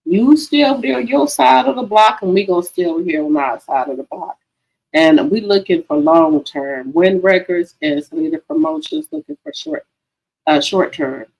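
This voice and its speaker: Chatty, gravelly woman livestreamer. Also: on the low side, lively intonation, moderate pace, darkish tone, rough recording. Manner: chatty, profane, addresses viewers as girlfriends. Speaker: livestream host. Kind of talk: casual gossip livestream.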